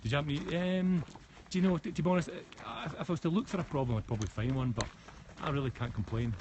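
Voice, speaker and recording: A chatty West of Scotland man with a slightly high, slightly mellow voice talks quickly through lo-fi audio. Hosting a live stream on a mountain forest path, he holds his phone while walking, answers comments, and frequently restarts, with clear background noise.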